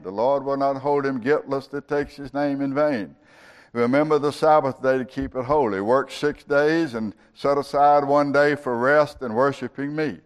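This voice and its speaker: A man's voice: medium pitch, smooth. A man preaching a sermon as a pastor, reciting scripture and speaking God's words in the first person.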